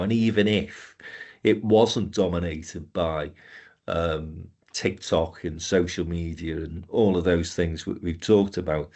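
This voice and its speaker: A man's voice: deep voice, a little mellow. An older man hosting a political chat podcast, telling anecdotes and moving the panel along. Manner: anecdotal, steers to next question. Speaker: podcast host.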